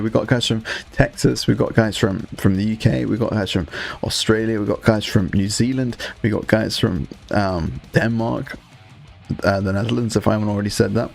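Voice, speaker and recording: A man's voice: on the low side, fairly even intonation, moderate pace, creaky, soft background music. A man hosting a live stream, chatting casually to viewers while painting miniatures. He rambles loosely and swears freely as he talks. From Scotland.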